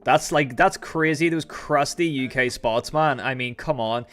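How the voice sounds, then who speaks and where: A man's voice: medium pitch, measured pace, a bit bright, soft background music. A young Irish man hosting a live stream, chatting casually and rambling as he answers viewers' comments. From Ireland. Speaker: livestream host.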